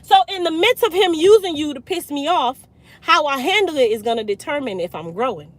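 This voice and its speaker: A woman with a Jamaican accent, a hair care business owner telling a storytime, blunt and animated, slipping into patois. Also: sits high, a little fast. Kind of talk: storytime vlog.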